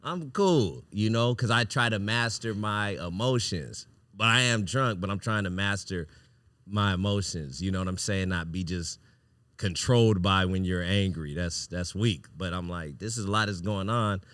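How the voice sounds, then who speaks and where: A man hosting a podcast, telling a wild personal story in a casual, animated, profane way, often breaking into laughter. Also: deep voice, moderate pace, dry recording, studio quality. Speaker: podcast host.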